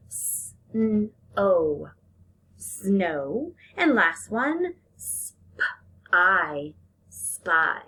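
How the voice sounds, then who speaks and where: A woman teaching young children a phonics lesson, talking in a sing-song, drawn-out teacher manner and giving lots of praise. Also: medium pitch, a little hiss or hum.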